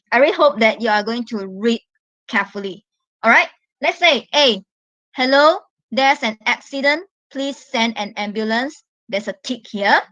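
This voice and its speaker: A woman from Malaysia giving an online English lesson, explaining step by step in a slow, patient way and stressing the key words. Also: a little high, a bit bright, no echo, muffled recording. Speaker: English teacher.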